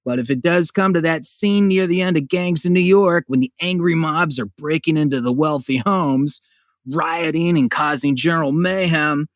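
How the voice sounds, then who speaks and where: A man's voice: high voice, no room sound, studio quality. A man hosting his own podcast, ranting in a sarcastic, profane monologue that jumps between jokes and voices. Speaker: podcast host.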